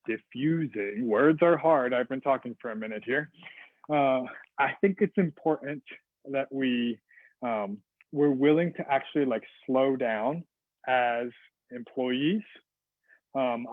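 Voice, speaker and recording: A man's voice: mid-range voice, no room sound. A man giving a customer service talk over a video call, casual and rambling with fillers and restarts. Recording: dry, phone-like video call audio.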